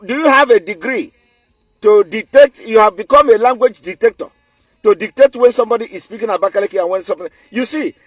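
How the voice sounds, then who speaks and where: A man's voice: high-pitched, no echo. A man with a Nigerian accent giving an emphatic, defiant online commentary, repeating his points for force. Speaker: political commentator.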